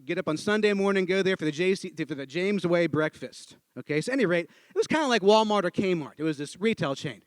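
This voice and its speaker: High-voiced animated male storyteller. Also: quick pace, hardly any pauses, smooth, no echo. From northeastern United States. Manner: animated, acts out every character in the story. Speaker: storyteller speaking to an audience. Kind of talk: live personal storytelling.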